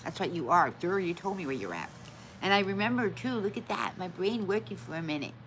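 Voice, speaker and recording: A woman's voice: fairly low pitch, expressive, brisk, a little hiss or hum, rough recording. A woman hosting a casual live stream, chatting with viewers and greeting them by name, often laughing at her own forgetfulness. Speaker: livestream host.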